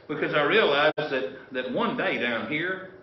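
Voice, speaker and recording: A man's voice: a little high, expressive, a little slow, a little hiss or hum. A man preaching a sermon as pastor, folksy and rambling, with frequent restarts. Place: church sanctuary. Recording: roomy, distant, dull church recording.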